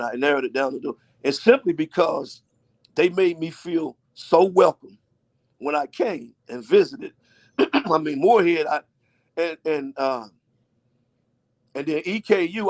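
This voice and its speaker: Man, high voice, from Ohio, lively storyteller, interview guest, acts out his own quotes. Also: moderate pace.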